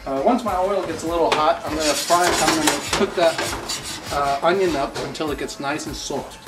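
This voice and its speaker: Man, casual cooking demo, hesitant with fillers, loud background music. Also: fairly high pitch, moderate pace. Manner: hesitant, with many filler sounds. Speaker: home cooking instructor. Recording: music playing loudly behind.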